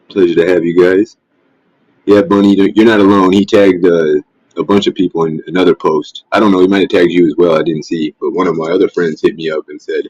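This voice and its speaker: Low, husky man ranting profanely. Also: steady tone, moderate pace, long pauses, darkish tone, dry recording. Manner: profane, mocking, trash-talking. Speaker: livestream host. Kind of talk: casual livestream rant. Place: at home, face not shown. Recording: dull, dry lo-fi stream audio.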